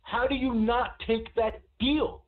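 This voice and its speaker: A man's voice: very high voice, steady tone, takes it slowly. A man co-hosting a sports talk show who argues and mocks the others. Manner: argumentative, mocking. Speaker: co-host. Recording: tinny phone-like audio.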